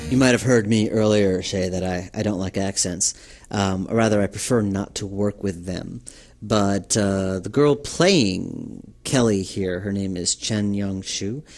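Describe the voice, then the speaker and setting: A man's voice: on the low side, a little slow, a little mellow, soft background music. A man giving a developer's commentary on his game, talking in a rambling, hesitant way full of fillers. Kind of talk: director's commentary.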